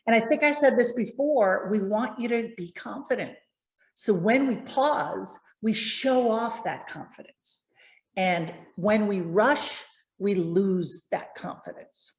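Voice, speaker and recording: A woman communication coach giving a lesson on presentation tips, speaking expressively and slowing down to stress key words. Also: mid-range voice, echoey room.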